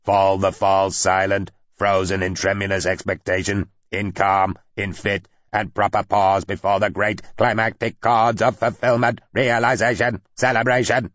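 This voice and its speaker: A man voicing an excitable male alien ambassador who speaks in slow, grandiose, oddly worded declarations, in an audiobook. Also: on the low side, no echo, lo-fi sound, pitched above the performer's own voice. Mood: exultant. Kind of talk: audiobook character voice.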